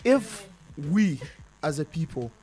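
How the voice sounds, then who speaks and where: Guy on radio panel, high voice, earnest, keeps repeating his point. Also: sing-song, slow, mellow. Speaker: panel guest.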